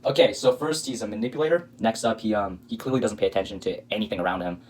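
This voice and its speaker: A man's voice: on the low side, fast, a little mellow, poor audio. A man hosting a reaction video, talking casually with sarcastic, indignant, rambling commentary.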